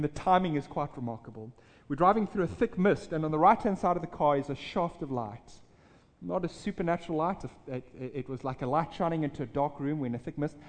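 A man, a pastor, telling a personal story in a sermon, earnest and full of restarts. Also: on the high side. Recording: reverberant hall.

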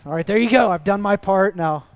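A man preaching a sermon, telling stories in a conversational, earnest way that drops soft for emotional moments. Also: high voice, brisk, dry recording. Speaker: pastor. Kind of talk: sermon with storytelling.

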